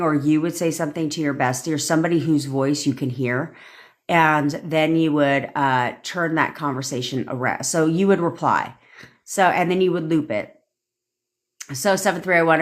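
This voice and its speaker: A woman manifestation coach talking casually on a phone livestream, chatty and cursing often as she answers viewers. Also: sits low. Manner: chatty, frequent profanity, addresses viewers by name.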